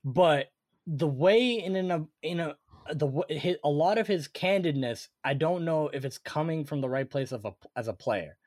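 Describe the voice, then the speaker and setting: A young man co-hosting a casual sports podcast, animated and thinking aloud with lots of fillers. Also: a little high, normal speed, no room sound, studio quality. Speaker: podcast co-host.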